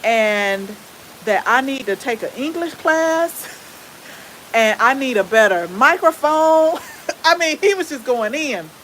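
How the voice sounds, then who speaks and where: A woman with a Southern US accent and a relaxed drawl, chatting casually with viewers as the host of a gardening channel. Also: sits high, slow, a little hiss or hum, poor audio. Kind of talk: casual live-stream chat with viewers.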